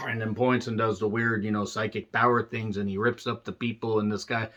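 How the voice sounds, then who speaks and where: A man's voice: on the low side, steady tone, fairly quick, hardly any pauses, a bit bright. A man giving a sarcastic, profane movie review rant, full of rambling asides.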